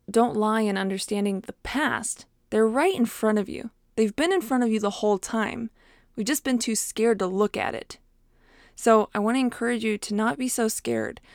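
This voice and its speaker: A woman's voice: mid-range voice, darkish tone, no echo, clean studio sound. A young woman coach talking through emotions in a casual monologue, full of fillers and quoted self-talk.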